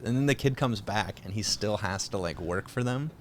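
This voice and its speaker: A young man with a low-pitched voice talks loosely and profanely, recounting film scenes with animated energy. A faint rumble sits under the recording. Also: fairly quick. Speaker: podcast co-host. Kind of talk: casual chat.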